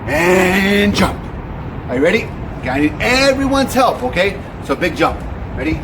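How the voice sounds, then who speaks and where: A man presenting a children's nature walk, speaking slowly and in an exaggerated, coaxing way that invites kids to join in, recorded outdoors. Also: high-pitched, very animated. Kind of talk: children's educational walk-along. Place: outdoors by a river. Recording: outdoor noise with passing traffic.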